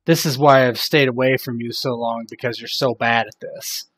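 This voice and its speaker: A man's voice: medium pitch, steady tone, moderate pace, fairly bright tone, natural voice. A man voicing Jack, a mocking outlaw ally in a tabletop game. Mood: scornful. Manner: sneering, teasing.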